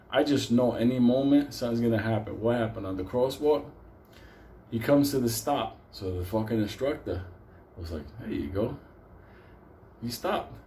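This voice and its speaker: A man's voice: medium pitch, dark tone, a little hiss or hum. A man telling a casual anecdote, swearing constantly, breaking into laughter and acting out the people in his story.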